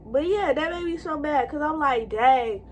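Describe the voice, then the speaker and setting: High-voiced woman chatting while getting ready. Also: normal speed, slight background noise. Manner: rambling and chatty, talking straight to viewers. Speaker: vlogger. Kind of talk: casual get-ready-with-me chat.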